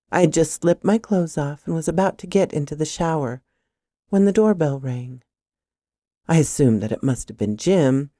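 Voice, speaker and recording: A woman reading a first-person horror story aloud in an expressive, dramatic way. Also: low voice, dry recording, studio quality.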